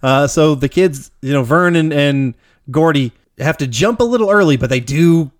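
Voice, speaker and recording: A man's voice: a little high, expressive, normal speed, no echo. Chatty man recapping a movie, dry sound. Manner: rambling, swears casually, laughs often. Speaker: podcast co-host. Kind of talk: casual movie recap chat.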